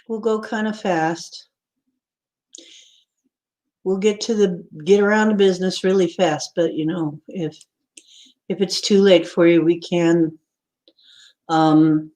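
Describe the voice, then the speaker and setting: Slow-talking chatty woman streaming live. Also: on the low side. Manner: chatty, rambling, warmly greets viewers by name. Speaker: livestream host. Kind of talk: casual live-stream chat.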